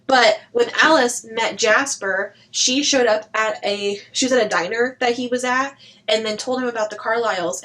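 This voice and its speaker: A woman's voice: medium pitch, pushed and bright, poor audio. A woman chatting casually through a book review, blunt and chatty, swearing now and then and saying "like" a lot.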